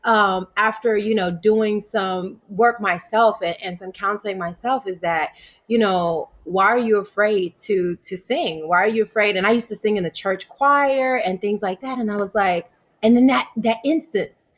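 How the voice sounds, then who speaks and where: Guesting on an interview, a yoga teacher tells a personal story in a casual, animated way, laughing often as she goes. Her voice sits at a medium pitch and moves at a normal speed.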